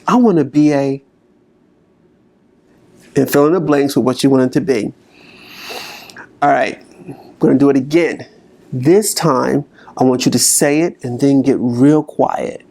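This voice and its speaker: A man speaking as a motivational speaker, slowly coaching listeners through a guided exercise. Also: medium pitch, creaky, darkish tone. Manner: slow, coaching delivery with long pauses.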